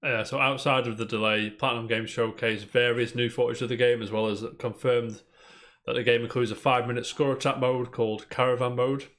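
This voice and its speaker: A man's voice: mid-range voice, flat delivery, a little fast, a bit bright. A man co-hosting a casual gaming news podcast, rambling cheerfully and calling his co-host "mate". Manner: chatty, rambling, peppers talk with "mate".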